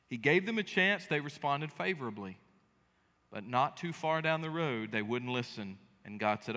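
A man pastor preaching a sermon in a church sanctuary, animated and joking as he tells the story. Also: fairly high pitch, moderate pace. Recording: echoey church hall.

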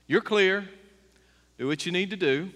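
A preacher playing a mild old rancher. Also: male voice, high voice, measured pace, bright, forceful tone, long reverb tail. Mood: meek. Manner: plain and easygoing. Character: calm old male rancher.

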